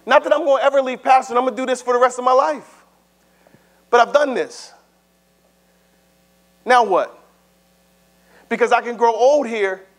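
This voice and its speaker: A middle-aged pastor preaching a sermon in a conversational way, with stammered restarts, swinging from loud, high bursts to low, hushed asides. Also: male voice, normal speed, pauses often.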